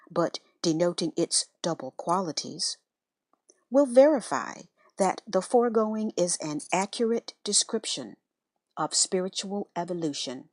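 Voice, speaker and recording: Slow, reverent woman reading devotional text. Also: on the low side, no room sound, clean studio sound. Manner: slow, measured, reverent delivery. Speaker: reader of spiritual letters.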